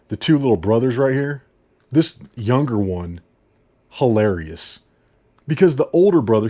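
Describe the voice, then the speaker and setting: A man chats about films in a loose, rambling way. He repeats himself, chuckles as he goes, and keeps his voice at an everyday middle pitch. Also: mellow. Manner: chatty, laughs often, repeats himself. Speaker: movie reviewer. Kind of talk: casual rambling movie review.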